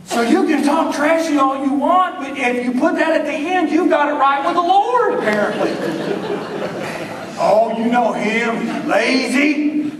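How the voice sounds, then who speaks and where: A man's voice: very high-pitched, lively intonation, moderate pace, hardly any pauses, a crowd in the background. A man with a rural Southern US accent, telling folksy, drawling jokes to an audience in a hall. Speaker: speaker. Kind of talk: humorous speech to an audience. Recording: echoey room, mic from far off.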